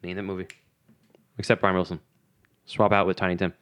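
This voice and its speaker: A man's voice: level tone, a little fast, a bit bright. A man co-hosting a podcast, chatting casually and jokily. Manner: jokey, breaks into silly high character voices. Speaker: podcast co-host. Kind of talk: casual banter.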